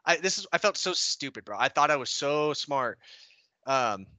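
A young man with a bright, sharp voice trades stories in a casual podcast, joking and laughing often. His pitch swings a lot, and the sound is close and dry. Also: expressive, no room sound. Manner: laughs often, quick jokey asides. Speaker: podcast co-host. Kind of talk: casual chat.

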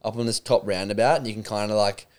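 A man's voice: lowish voice, fairly even intonation, quick pace. A young Australian man telling a youth story in casual podcast chat, swearing as he goes. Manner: laid-back, swearing, chuckling.

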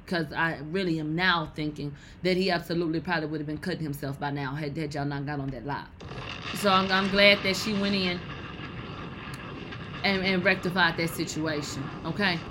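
A woman in her thirties hosts a gossip podcast with a bright, forward voice. She talks bluntly and profanely, loud and animated, with faint noise in the background. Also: sits low, fairly quick, low-quality recording. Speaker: podcast host. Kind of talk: casual gossip commentary.

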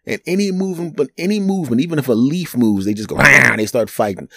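A middle-aged man, a podcast host and comedian, telling a story in an animated, chatty way with chuckling asides. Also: medium pitch, quick pace, no echo. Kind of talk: storytelling monologue.

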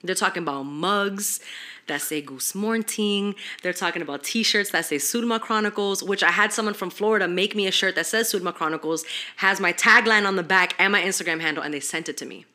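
This podcast host is a young woman with a medium-pitched voice and a brisk delivery. Chatting casually, she spins lively stories packed with slang and constant swearing.

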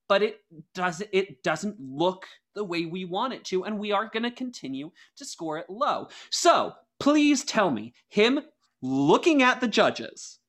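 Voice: mid-range voice, a bit bright. A podcast co-host in casual chat, arguing in a heated, exaggerated way and pushing their point hard.

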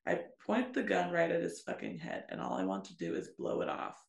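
A woman co-hosting a podcast, reading intense passages of a novel aloud at a steady pace and breaking off for quick asides. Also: fairly low pitch, gravelly, reverberant. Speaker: podcast co-host.

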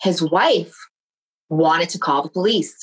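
A middle-aged woman in casual conversation, telling a personal story in an animated way and acting out the voices of the people in it. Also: lowish voice, takes it slowly, breathy edge, rough recording. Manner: animated, acts out quoted voices.

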